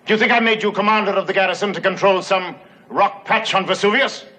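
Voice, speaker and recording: Crassus, an imperious Roman patrician. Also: male voice, high-pitched, fairly even intonation, fast talker, sharp tone. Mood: scornful. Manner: clipped, disdainful, commanding. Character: cold, imperious older Roman patrician general. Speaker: film character.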